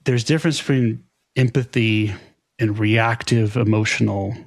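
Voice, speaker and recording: A man co-hosting a podcast, thinking aloud in a gravelly, husky voice. He circles around ideas and restarts phrases as he works his way through them. The sound is close and dry, with no room around it. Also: on the low side, fairly even intonation, a little slow, dry recording. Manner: reflective, searching for words with restarts. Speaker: podcast co-host. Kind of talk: casual podcast conversation.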